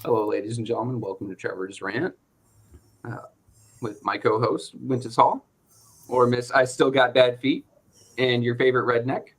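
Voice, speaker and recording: A man's voice: mid-range voice, fairly even intonation, normal speed, pauses often, breathy edge. A male show host ranting in casual chat, joking and swearing freely.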